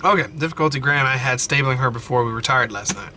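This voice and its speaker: A man playing a story game at home, reading the text aloud with animated running commentary and frequent self-corrections. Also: mid-range voice, fast, faint music behind. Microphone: desk mic, wearing headphones.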